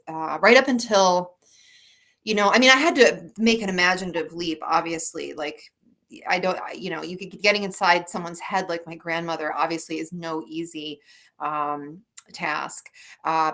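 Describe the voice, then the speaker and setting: A woman's voice: fairly low pitch, a bit bright. A woman from Michigan, an author being interviewed, telling family stories in a chatty, rambling way with many fillers and restarts. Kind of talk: casual interview storytelling.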